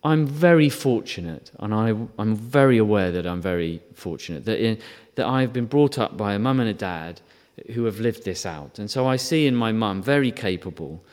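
A man's voice: fairly low pitch, animated, moderate pace, hardly any pauses, darkish tone. A man preaching a sermon in a conversational way, asking rhetorical questions and briefly acting out quotes. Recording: long reverb.

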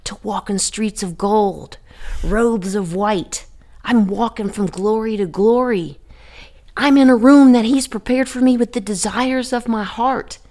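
A woman's voice: medium pitch, darkish tone. A woman sharing her faith testimony in a vivid, dramatic way, repeating herself and building with rhetorical questions.

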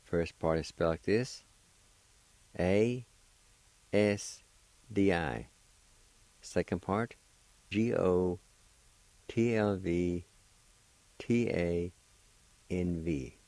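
A man's voice: deep voice, darkish tone, no room sound. A man patiently spelling and pronouncing words letter by letter in a radio language lesson. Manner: slow, patient, encouraging. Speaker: language teacher and radio host.

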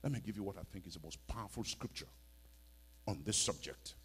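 A man preaching a sermon, swinging from hushed storytelling to loud emphatic cries and repeating lines for effect. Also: low voice, lively intonation, a little fast, slightly rough.

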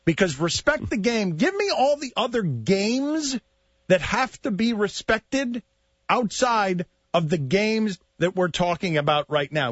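High, lively man mocking sports etiquette. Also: dry recording, dull audio. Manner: incredulous, mocking, rapid-fire questions. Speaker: sports radio host. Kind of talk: sports talk radio banter.

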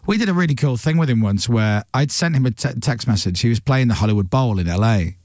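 A man hosting a radio breakfast show, telling stories in a chatty, animated way into a studio microphone. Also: medium pitch, no room sound. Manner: chatty storyteller, quick and animated. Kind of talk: casual studio chat.

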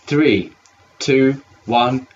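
A man co-hosting a casual commentary podcast, teasing his co-host with quick retorts. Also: medium pitch. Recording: lo-fi mic with faint hiss.

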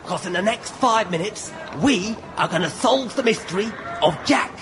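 A man's voice: high voice, animated, moderate pace. A man playing a comic tour guide in a comedy sketch, theatrical and hammy. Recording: noisy recording.

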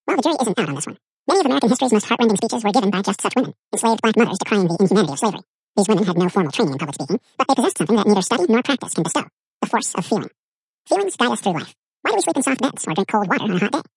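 A woman reading a scripted book summary in an even, measured narration. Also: on the high side, slightly rough, no room sound.

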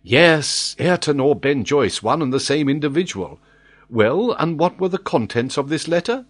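A man's voice: fairly high pitch, big pitch swings, normal speed, voice pushed up. A man reading the lines of a vehement nobleman firing off urgent questions, in a raised voice in an audiobook. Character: urgent male nobleman and expedition leader.

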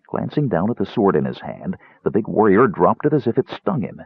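A man reading a fantasy novel aloud in an expressive, dramatic narration. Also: deep voice, brisk, gravelly, few pauses, breathy edge, no echo. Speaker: audiobook narrator. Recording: tinny narrow-band dry recording.

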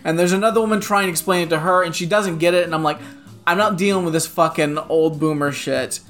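Talking fast at a medium pitch, this podcast co-host launches into a ranting story during a casual chat. Faint guitar music plays underneath while the speaker swears often and says "like" nonstop, keeping it animated.

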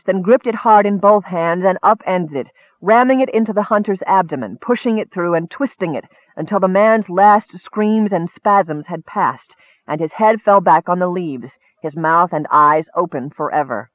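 A man narrating a fantasy story in steady, vivid audiobook style. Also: sits high, no echo. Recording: dry, narrow phone-like sound.

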